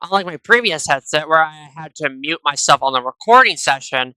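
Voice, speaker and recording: Bright, crisp man chatting over gameplay. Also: on the high side, expressive, fairly quick, dry recording, low-quality recording. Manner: tacks "though" and "and stuff" onto nearly every phrase; chatty, rambling asides to viewers. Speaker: gaming video creator. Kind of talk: casual gameplay commentary. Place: at home, recording at a PC. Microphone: gaming headset.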